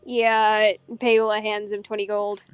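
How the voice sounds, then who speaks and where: A woman's voice: medium pitch, monotone, a little slow, smooth, dull audio, faint music behind. A woman playing a tabletop game, joking in brash, swearing banter. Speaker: player. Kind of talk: casual tabletop play.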